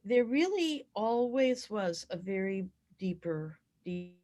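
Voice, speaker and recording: A woman co-hosting a film club, discussing a film and acting out its scenes in a lively way. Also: mid-range voice, slow. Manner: animated, acts out film scenes. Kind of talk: casual chat.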